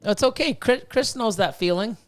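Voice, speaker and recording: A man's voice: sits high, moderate pace, slight background noise. A man hosting a casual podcast chat, joking and laughing, rambling with fillers. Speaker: podcast host.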